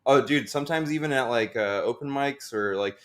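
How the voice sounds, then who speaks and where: A man's voice: mid-range voice, fairly quick. A man, a comedian guest, chatting casually on a podcast, rambling with many filler words and frequent laughter.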